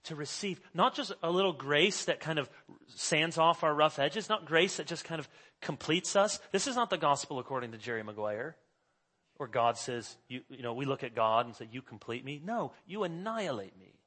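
A middle-aged male pastor preaching a sermon, swinging from hushed asides to loud emphasis. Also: fairly high pitch, lively intonation, normal speed, slightly rough.

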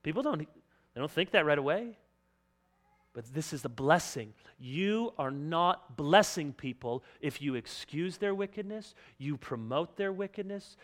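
A male pastor preaches with a bright, forceful tone and a slightly high voice. He is impassioned, switching between loud appeals and soft, slow pleading. It is a full sermon delivery. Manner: impassioned, acts out quoted voices.

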